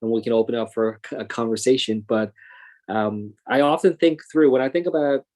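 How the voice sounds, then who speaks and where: A man's voice: mid-range voice, fairly quick, a little mellow. A man in his thirties speaking as a congressman and guest in a panel conversation, earnest and thoughtful, with frequent fillers and restarts. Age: 30s.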